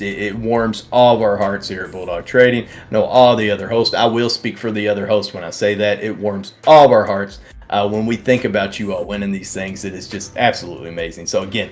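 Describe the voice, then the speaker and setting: A man hosting a trading livestream, chatting casually and reading viewer comments aloud with lots of restarts. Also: on the low side. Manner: warm, rambling, reads chat aloud, many restarts. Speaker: livestream host.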